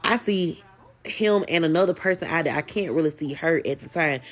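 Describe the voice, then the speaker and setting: A woman telling a casual storytime, animated and talking straight to her viewers. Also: sits low, normal speed.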